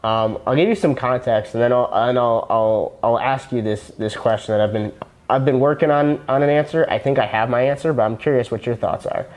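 A young man speaks at a brisk clip in a medium-pitched, somewhat dark voice. He's a podcast guest, once a personal trainer and now a copywriter, chatting casually in an earnest, rambling way and restarting his sentences often.

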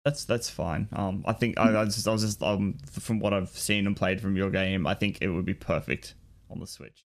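A man's voice: deep voice, steady tone, moderate pace, vocal fry. A man interviewing a guest over a remote call, in a casual, rambling way with stammered restarts and frequent ums.

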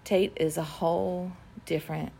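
Gravelly-voiced mom chatting. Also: female voice, lowish voice, fairly even intonation, normal speed, mellow. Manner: chatty, laughs often. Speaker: podcast co-host. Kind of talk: casual chat.

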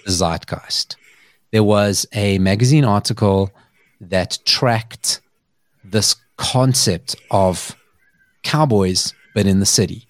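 Low-voiced podcast host. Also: male voice, takes it slowly, no echo. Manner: chatty storyteller, laughs often. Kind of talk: casual chat.

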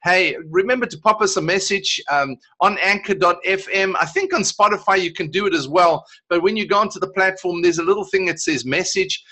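A South African man co-hosting a casual faith podcast, talking in a halting way with repeated words and many fillers. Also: high voice, bright, forceful tone. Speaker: podcast co-host.

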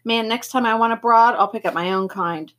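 A woman's voice: fairly high pitch, a little fast, a bit bright, natural voice. A woman voicing a tough, cocky teenage boy in a gang, blunt and slangy, in a storybook reading. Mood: offhand.

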